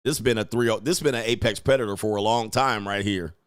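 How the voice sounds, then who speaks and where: A man's voice: lowish voice, steady tone, fairly quick, smooth, no room sound, clean studio sound. A man hosting a casual reaction commentary show, brash and mocking, laughing often and talking in slang.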